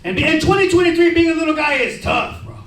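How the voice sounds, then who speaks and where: High-voiced profane man doing stand-up. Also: quick pace, a bit bright, a little hiss or hum. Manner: casual, profane, lots of "bro" and "man". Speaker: stand-up comedian. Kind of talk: stand-up comedy set. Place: comedy club stage. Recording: echoey club heard from a distance. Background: laughing audience.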